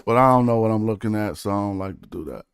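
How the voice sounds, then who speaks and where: A man's voice: on the low side, fast talker, smooth, no room sound. A man streaming casually, chatting. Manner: laid-back slang, breaks down rhymes syllable by syllable. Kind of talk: casual livestream chat about rap and study.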